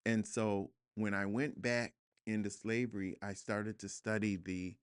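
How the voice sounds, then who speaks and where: A man with a fairly low voice talks as a guest in a studio interview. He is reflective and earnest, and at times he builds to emphatic repetition. The tone is smooth and full, and the sound is dry and close. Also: flat delivery, a little slow, no echo. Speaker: guest author. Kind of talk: podcast interview conversation.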